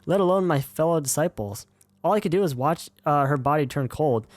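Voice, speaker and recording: Man reading a young male martial arts disciple in a game story, formal old-fashioned phrasing, slightly high voice. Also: expressive, a little fast, darkish tone, dry recording, lightly acted. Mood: grave.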